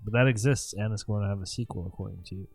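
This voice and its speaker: A man's voice: on the low side, racing, gravelly, slightly rough, dry recording, faint music behind. A man from Ukraine co-hosting a podcast in casual chat, with dry, understated teasing. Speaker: podcast co-host.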